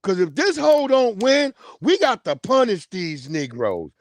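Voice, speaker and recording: A man with a notably high voice delivers a heated, profane livestream rant, mocking and loud at times. The sound is dry and close to the mic, with no room around it. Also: very animated, measured pace, dry recording. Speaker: livestream host.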